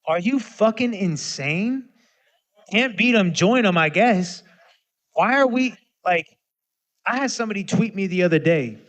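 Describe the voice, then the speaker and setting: Brief: 30s man, high voice, livestream rant into a phone camera, profane and animated. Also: a little slow. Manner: animated, ranting, profane, swings between loud and muttered. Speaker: musician hosting a livestream.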